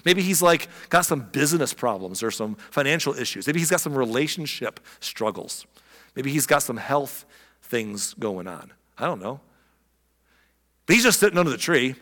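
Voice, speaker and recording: A man preaching a sermon, telling a story with lively expression and acting out the people in it. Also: medium pitch, normal speed, in a large hall. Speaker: pastor.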